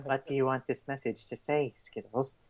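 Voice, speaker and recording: A man's voice: mid-range voice, steady tone, normal speed. A man running a tabletop game as game master, explaining things in a rambling way with lots of fillers.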